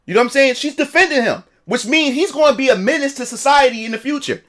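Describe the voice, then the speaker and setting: A man's voice: extremely high pitch, fast talker, fairly bright tone. A man telling a story in a casual livestream rant, profane and repetitive. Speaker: streamer.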